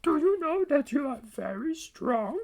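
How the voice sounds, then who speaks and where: A man's voice: very high voice, very animated, measured pace, a little hiss or hum, heavily acted. A man voicing a lovable, anxious old male furry monster in a children's storybook read-aloud, pleading frantically in formal speech without contractions. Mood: panicked.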